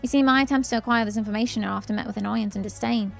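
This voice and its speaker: A woman's voice: fairly high pitch, fairly even intonation, very fast, vocal fry, faint music behind. A woman voicing a rambling, self-important young woman scholar in a video game, prim and long-winded.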